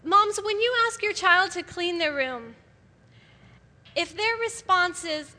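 A middle-aged woman giving an animated sermon to a gathering of women, often laughing as she speaks. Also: very high voice, unhurried. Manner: animated, laughs often, acts out quoted voices. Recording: live hall with long reverb.

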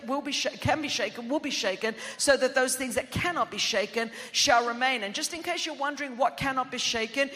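Woman preacher; bright, cutting tone; emphatic, shouty peaks; long hall reverb. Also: sits high. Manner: emphatic, builds to shouted declarations, chatty asides. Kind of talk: sermon. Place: large church auditorium.

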